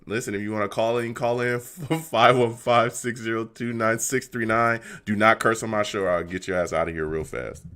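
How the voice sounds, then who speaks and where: A man hosts a casual call-in fan show on a livestream, chatting loosely, laughing often, repeating phrases and sounding exasperated with his team. His voice sits on the low side with a steady, slightly bright tone, and he talks briskly with hardly any pauses.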